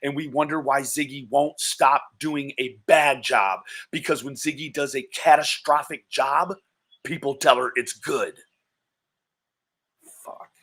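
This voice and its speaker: A man doing live-stream commentary, exasperated and swearing, with slow, disbelieving exclamations. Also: mid-range voice, steady tone, fairly bright tone.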